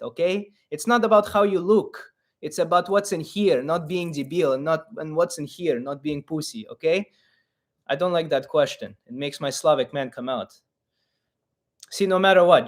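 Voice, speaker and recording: This podcast host and comedian, a young man from a Russian-Ukrainian family, runs a casual live-stream Q&A. His voice leans high, and he answers bluntly, with profanity and mock indignation.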